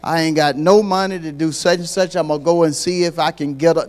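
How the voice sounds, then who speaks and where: Repetitive preacher who builds to shouts. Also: male voice, a little high, steady tone, fairly quick, hardly any pauses. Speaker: pastor. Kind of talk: sermon.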